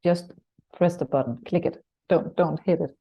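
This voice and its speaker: A woman's voice: lowish voice, steady tone, normal speed, vocal fry, husky. A woman with a Danish English accent co-hosting a casual spiritual chat show, speaking in a playful, teasing way. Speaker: podcast co-host. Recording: dull lo-fi recording.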